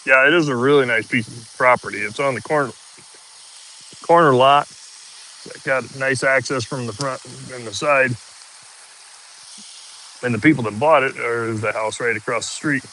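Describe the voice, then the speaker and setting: A man, chatting casually outdoors while hosting a live stream, easygoing and relaxed. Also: medium pitch, normal speed, pauses often, a little hiss or hum, poor audio. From Iowa, US. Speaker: livestream host. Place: outdoors at a rural property.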